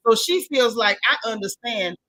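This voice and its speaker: A woman's voice: fairly high pitch, lively intonation, normal speed, bright, forceful tone, rough recording. Sassy, blunt woman gossip host. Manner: sassy, blunt, repeats lines for emphasis. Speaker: commentary channel host. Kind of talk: casual gossip commentary reading live chat.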